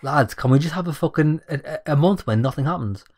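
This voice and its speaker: Young male gamer, rapid, blunt, sweary let's play commentary. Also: on the high side, animated. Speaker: gaming YouTuber. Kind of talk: let's play commentary, reading game text aloud.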